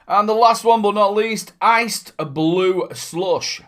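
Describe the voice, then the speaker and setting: This upbeat man runs a laid-back vlog reviewing vapes, addressing viewers head-on in a voice pitched slightly above the typical male range. He takes things slowly, sounding a bit bright as he wanders cheerfully from point to point and drops in playful side comments.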